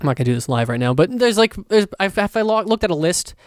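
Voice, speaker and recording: A man hosting his own podcast, rambling casually and excitedly with plenty of swearing. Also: sits high, fast, no room sound, studio quality. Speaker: podcast host.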